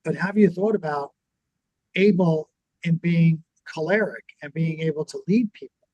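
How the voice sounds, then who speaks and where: A man's voice: a little high, moderate pace, darkish tone, no room sound, muffled recording. A middle-aged man co-hosting a scripture-and-business chat, telling stories and acting out the lines people said, often repeating words as he restarts. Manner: storytelling, acts out quoted dialogue, repeats words when restarting. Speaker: podcast co-host and business owner.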